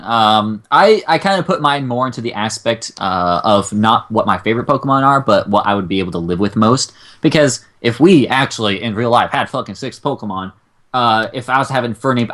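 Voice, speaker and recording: A young man co-hosting a casual chat, talking in long, excitable, profane rants. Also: mid-range voice, a little fast. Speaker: co-host.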